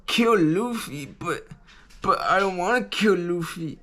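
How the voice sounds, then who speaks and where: A man voicing a reluctant young female thief who protests in a high, whiny way. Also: lively intonation, slow pace, fairly bright tone, heavily acted. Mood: pleading.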